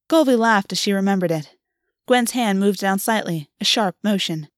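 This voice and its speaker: Female storyteller reading fantasy fiction, steady and even, middle pitch, close dry mic. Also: slow, long pauses, dry recording. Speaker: audiobook narrator. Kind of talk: fiction read-aloud.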